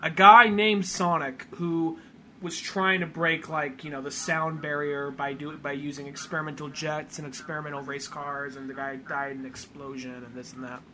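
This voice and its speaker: A man co-hosting a podcast in casual chat, rambling and animated, swearing often. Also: a little high, moderate pace, slight background noise. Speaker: podcast co-host.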